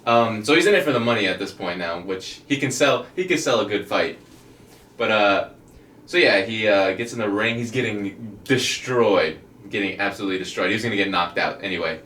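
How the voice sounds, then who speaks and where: A man's voice: on the low side, a little fast, fairly bright tone, roomy sound, far from the mic. A man co-hosting a casual chat podcast, rambling with lots of fillers and laughing often. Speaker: podcast co-host.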